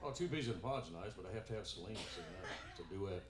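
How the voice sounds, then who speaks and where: A low-voiced musician playing a live in-store show talks quickly and animatedly between songs, with a crowd audible behind him. His story rambles with plenty of fillers and false starts, in an echoey store with a guitar.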